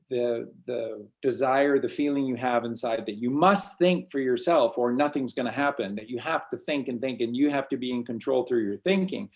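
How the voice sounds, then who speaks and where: A man's voice: medium pitch, darkish tone. A man hosting a casual spiritual talk, rambling and often repeating words as he restarts sentences. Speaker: host.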